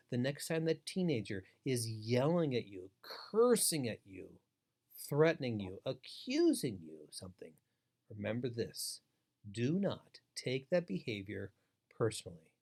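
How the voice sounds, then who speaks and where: A man's voice: medium pitch, a little mellow. A middle-aged man delivering a webinar lecture as a foster care trainer, emphatic and repetitive, driving each point home.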